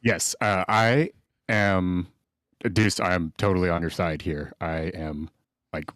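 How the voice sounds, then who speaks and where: A man's voice: low-pitched, steady tone, slow pace, a bit bright, no echo, clean studio sound. A man calling in to a live podcast, eager and blunt, rambling as he makes his point. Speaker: call-in listener. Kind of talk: casual call-in chat.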